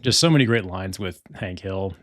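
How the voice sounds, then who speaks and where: A man's voice: low voice, lively intonation, moderate pace, no echo, clean studio sound. A young man hosting a solo podcast, chatting casually and rambling with lots of filler words. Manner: rambling, many filler words, frequent laughter. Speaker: podcast host.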